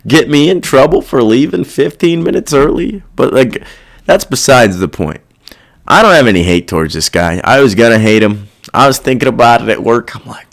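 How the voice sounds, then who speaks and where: Man ranting with lively, swooping pitch. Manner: profane, irritated ranting; rambling, loses his train of thought. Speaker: podcast host. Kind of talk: casual monologue.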